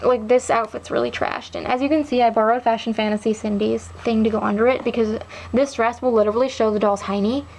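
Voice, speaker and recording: A young woman with a fairly high voice talks through her doll collection in an easy show-and-tell way. She rambles and leans on fillers as she goes. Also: fairly even intonation, a little fast, a little mellow, slight background noise, rough recording. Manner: chatty and rambling, with many fillers. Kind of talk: casual show-and-tell chat.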